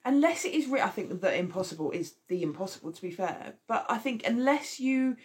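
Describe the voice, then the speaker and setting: A woman's voice: mid-range voice, animated, a little fast. A woman co-hosting a casual chat, sharing anecdotes in a chatty way. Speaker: podcast co-host.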